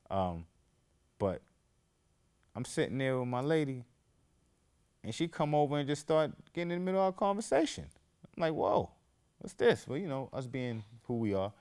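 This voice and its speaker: A man hosting his own show, telling casual stories and drifting off on tangents, livening up whenever he quotes people. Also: fairly low pitch. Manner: rambling, goes off on tangents; animated, raises voice when quoting others. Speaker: podcast host. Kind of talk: casual storytelling monologue.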